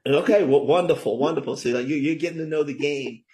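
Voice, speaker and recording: A man's voice: a little high, fast talker, a little mellow. Enthusiastic middle-aged man, chatty guest. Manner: enthusiastic, keeps asking "right?". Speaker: guest author. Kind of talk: conversational interview talk.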